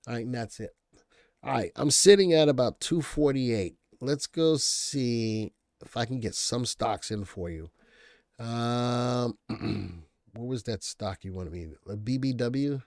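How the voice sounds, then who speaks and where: A man's voice: mid-range voice, unhurried, a little mellow, no room sound, studio quality. A man hosting a live stock-analysis stream, talking casually, thinking aloud and answering viewer comments. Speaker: stock market show host.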